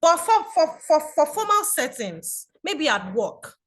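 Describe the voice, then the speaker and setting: A Nigerian woman in her forties giving an online talk to a community group, chatty and animated, telling stories over a video call. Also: high-pitched, measured pace. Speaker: guest speaker.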